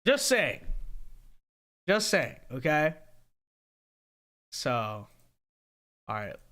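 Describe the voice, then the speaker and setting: A young livestream host rants emphatically in a casual stream, repeating himself to press his point. His fairly high voice is pushed and bright, with a sing-song quality and drawn-out words.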